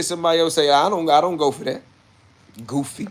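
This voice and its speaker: A man chatting casually on a livestream and answering viewer comments. He is brash and swears, moving between low muttering and loud outbursts. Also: steady tone, fast. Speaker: livestreamer reading chat comments.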